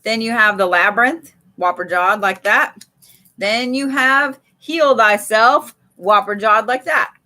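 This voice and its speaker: Woman card reader on a home live stream, high bright voice, chatty, swears and laughs. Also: unhurried. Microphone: streaming setup.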